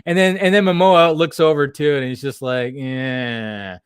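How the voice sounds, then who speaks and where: A man giving casual live commentary on film footage as an online host, animated and exclamatory, swearing freely as he talks. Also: fairly high pitch, brisk, clear, resonant tone, dry recording, clean studio sound.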